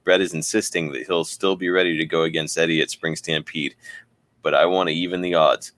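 A man's voice: very deep voice, flat delivery, a little fast, fairly bright tone, no echo. A man voicing a vengeful male wrestler who issues a stern threat. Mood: threatening.

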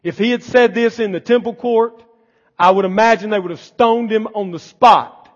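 A man preaching a sermon as pastor, building to shouted emphasis. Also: sits high, normal speed. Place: church sanctuary. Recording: long church reverb, dull lo-fi sound.

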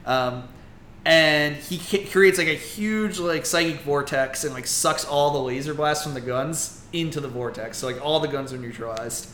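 Podcast co-host, man, bright and slightly high voice, rambling comic recap, echoey room. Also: moderate pace, a little hiss or hum. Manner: rambling, animated retelling with acted-out quotes. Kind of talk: casual comic book recap.

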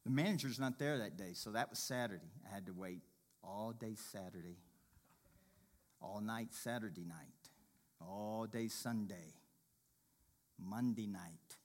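A man telling a personal faith testimony in a sermon, shifting between quiet murmurs and loud, excited exclaiming. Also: a little slow, long pauses. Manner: animated storyteller, swings from low murmurs to loud exclaiming.

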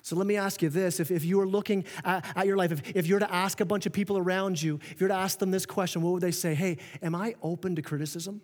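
A man preaching a sermon as pastor, earnest and animated, often restarting his sentences and acting out quoted remarks. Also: sits high, fast talker, hardly any pauses. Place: church auditorium. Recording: long reverb of a church hall.

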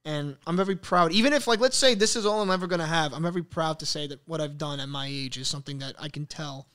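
A man's voice: on the high side, fast. A young man with a heavy Brooklyn Italian American accent, chatting casually as a podcast guest and laughing often while telling stories. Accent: Brooklyn Italian American New York. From New York. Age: young adult. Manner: laughs often, animated storytelling. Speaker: guest content creator.

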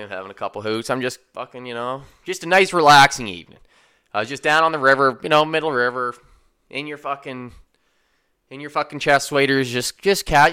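A man's voice: on the high side, pushed and bright, clean tone. A young man, hosting a podcast and telling a story in casual, swaggering, profane chat. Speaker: podcast host.

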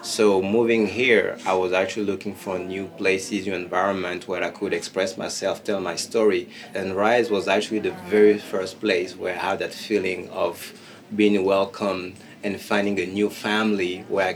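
A man from Gabon and Congo, a spoken word artist, answering interview questions in an earnest, grateful way. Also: low voice.

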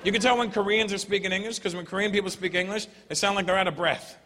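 A man doing a loud, animated stand-up comedy set, breaking into put-on voices between jokes. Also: high-pitched, quick pace. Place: comedy club stage. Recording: roomy hall, noisy live crowd. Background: audience laughter.

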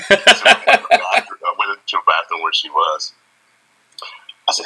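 A man's voice: low voice, big pitch swings, a little fast, bright, forceful tone, breathy edge, rough recording. A middle-aged man co-hosting a casual chat show, telling a family story and laughing as he acts out what people said. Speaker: co-host.

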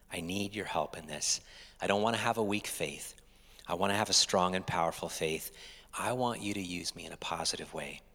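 Male preacher with a very low voice, conversational sermon delivery, dropping to whispers, long hall reverb. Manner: conversational, swings from loud emphasis to hushed whispers. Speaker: pastor.

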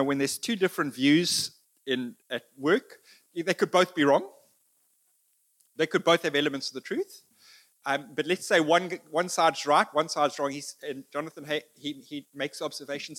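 A man speaking off the cuff to an audience, telling a story in a conversational, halting way with restarts. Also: medium pitch, a bit bright. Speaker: speaker answering audience questions. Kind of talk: unscripted talk to an audience.

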